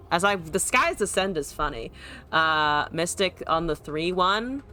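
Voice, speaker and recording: A woman's voice: on the low side, lively intonation, measured pace, bright, forceful tone. A young woman streaming a card game, chatting casually, talking to her opponent, laughing and swearing often. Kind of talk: live gameplay commentary.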